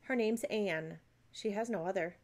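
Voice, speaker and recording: A woman's voice: mid-range voice, measured pace, vocal fry, a little mellow. A woman voicing a kind, chatty working-class baker woman with homely, rustic speech, reading a storybook aloud. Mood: warm. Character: kindly working-class female baker, middle-aged, chatty.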